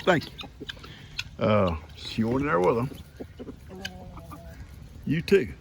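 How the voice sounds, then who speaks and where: A man's voice: medium pitch, big pitch swings, slow, vocal fry. An older man, chatting casually to his camera and sweetly to his animals on his farm. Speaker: farm vlogger. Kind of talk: casual farm vlog narration. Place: outdoors on a farm. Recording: noisy outdoor farm recording.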